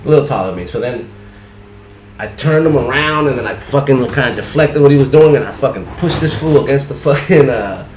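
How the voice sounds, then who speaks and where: On a podcast, a barber spins a casual, rambling story full of profanity and heavy slang, frequently dropping "you know what I'm saying." His mid-range voice is animated and fairly quick, with slight background noise behind it.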